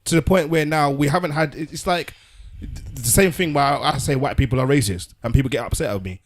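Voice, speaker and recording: A man's voice: on the high side, quick pace. A man, a podcast co-host making an earnest argument in casual discussion. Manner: earnest, argumentative, restarts words.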